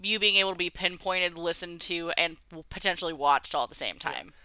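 A woman co-hosting a casual podcast, playful and quick to laugh while discussing a movie. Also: on the low side, bright, forceful tone, clear, resonant tone. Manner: playful, laughs, mimics characters. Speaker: podcast co-host.

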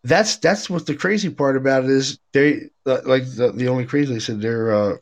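A man hosting a casual talk show, a paranormal investigator telling stories in an animated way, full of fillers and restarts. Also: mid-range voice, fairly quick. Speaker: podcast host, paranormal investigator. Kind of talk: casual chat.

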